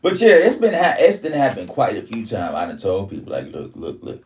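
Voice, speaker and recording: Animated man telling a rowdy story. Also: brisk, distant mic. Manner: animated, profane street talk, jumps high when quoting himself. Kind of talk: casual storytelling.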